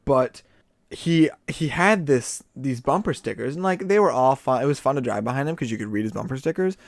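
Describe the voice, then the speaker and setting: A man's voice: mid-range voice, lively intonation, brisk, gravelly, no room sound. A young man co-hosting a podcast, telling rambling stories in a sardonic, casual way. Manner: rambling, sardonic, laughs often. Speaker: podcast co-host. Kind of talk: casual storytelling chat.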